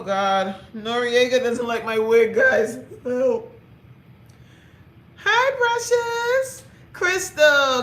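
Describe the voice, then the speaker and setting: A woman's voice: mid-range voice, roomy sound, a little hiss or hum. A woman fitness coach chatting playfully on a livestream, greeting viewers by name, reading their comments aloud and laughing often.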